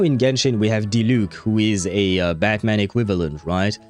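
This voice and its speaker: A man's voice: on the low side, moderate pace, a little mellow, soft background music. A French-speaking man chatting casually as he streams a game, rambling with lots of fillers. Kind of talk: casual gameplay commentary.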